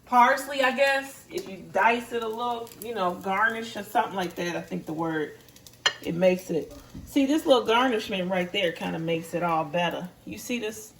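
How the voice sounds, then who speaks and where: At a normal speed and medium pitch, a mother chats casually while cooking in her home kitchen, apologetic and amused by her own blunders. The mic is far from her and a little off, giving a roomy, noisy sound with a sizzling pan and clicks.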